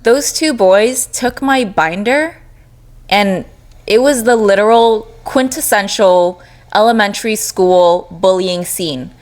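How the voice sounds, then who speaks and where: A woman co-hosting a podcast, telling a personal story as a chatty, animated storyteller in casual conversation. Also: medium pitch, slow. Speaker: podcast co-host.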